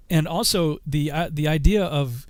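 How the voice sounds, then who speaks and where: A man's voice: fairly high pitch, dry recording, studio quality. A man hosting an online Bible study, chatting casually and easygoing, trailing off with fillers and laughing often. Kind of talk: casual group chat.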